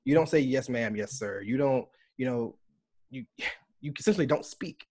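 A man from the United States, a podcast guest, telling stories in casual chat and acting out the quotes with lively energy. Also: medium pitch, normal speed. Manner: animated storytelling with acted-out quotes.

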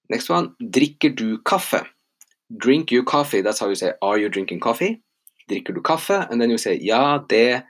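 Husky-voiced man teaching patiently. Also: medium pitch. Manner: patient, says example phrases slowly and repeats them. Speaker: language teacher and podcast host. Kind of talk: relaxed podcast grammar lesson.

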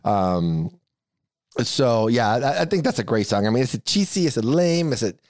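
A man's voice: mid-range voice, big pitch swings, moderate pace, darkish tone, no room sound, clean studio sound. A middle-aged man co-hosting a podcast, chatting casually in a rambling, profane way with many restarts. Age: around 50. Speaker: podcast co-host. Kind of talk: casual chat.

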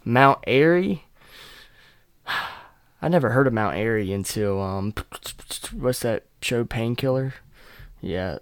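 A man's voice: medium pitch, lively intonation, takes it slowly, long pauses, smooth, no echo, clean studio sound. A young man hosting his own podcast, chatting casually, rambling, joking crudely and laughing often. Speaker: podcast host. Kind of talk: casual solo podcast chat.

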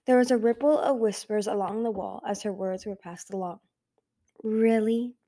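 A woman reads a fantasy novel aloud for an amateur audiobook, in a mellow, soft-toned voice. She reads carefully and goes back to fix her slips now and then. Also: medium pitch, brisk, slight background noise. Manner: careful reading with frequent self-corrections. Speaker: audiobook reader.

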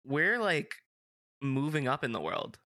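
A young man hosting a casual podcast, his voice bright and forward. He rambles along with plenty of fillers and restarts, and the recording is close and dry. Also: on the high side, sing-song, measured pace, no room sound. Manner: chatty, rambling, filler-heavy. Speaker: podcast host. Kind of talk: casual chat.

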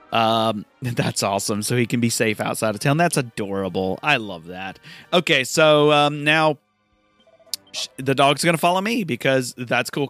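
An excitable man giving let's-play commentary, chatty and gushing. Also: mid-range voice, clear, resonant tone, dry recording. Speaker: gaming streamer.

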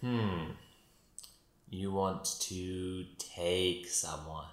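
A man voicing a regal female sphinx who guards a cat kingdom, speaking slowly and with cool superiority. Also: low-pitched, roomy sound. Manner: slow, calm, coolly superior.

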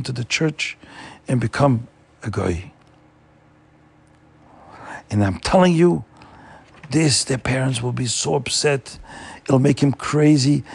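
A man retells a story with animated, emphatic delivery and a gravelly, husky voice. The recording is dry and close, with no room sound. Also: medium pitch, no echo. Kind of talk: oral storytelling.

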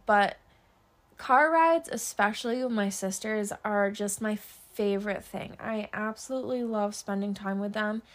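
A young woman hosting a casual solo podcast, chatting upbeat about her day with a lot of fillers. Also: mid-range voice. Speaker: podcast host.

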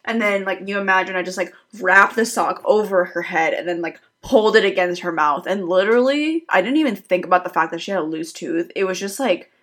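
A woman's voice: lowish voice, a little fast, few pauses, fairly bright tone. A young woman in casual chat with her sister, talking loosely with lots of fillers and a sheepish tone.

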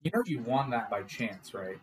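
A man's voice: mid-range voice, expressive, moderate pace, a little hiss or hum, rough recording. A man co-hosting a podcast in casual chat, blunt and grumbling, swearing casually. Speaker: podcast co-host.

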